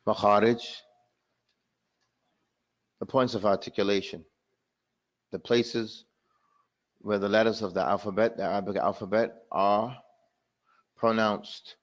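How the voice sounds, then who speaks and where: A man's voice: fairly low pitch, fairly even intonation, a little slow, long pauses, muffled recording. A man teaching a tajweed class, calling on students by name and switching between Arabic and English. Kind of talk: classroom lesson.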